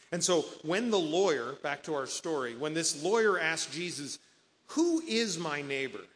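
A male pastor delivers an earnest sermon, quoting scripture and acting out the people in his stories. His voice sits a little high for a man and rings with the long reverb of a big hall. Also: a bit bright. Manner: earnest preaching, quoting scripture and voicing imagined speakers.

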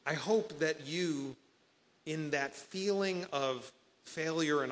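A man's voice: on the high side, slow pace, fairly bright tone, long reverb tail. A man preaching a sermon as pastor, earnest, quoting scripture and voicing the people in his stories.

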